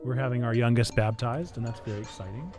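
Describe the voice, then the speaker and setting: A man's voice: mid-range voice, quick pace. A man streaming a video game, chatting casually with his viewers. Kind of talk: casual live gameplay chat. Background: game music.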